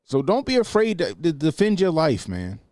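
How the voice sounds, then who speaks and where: A man's voice: a little high, wildly swooping pitch, moderate pace, darkish tone, no room sound, clean studio sound. A man hosting a live stream, giving blunt, profane commentary on a video clip he is about to play. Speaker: host. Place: studio.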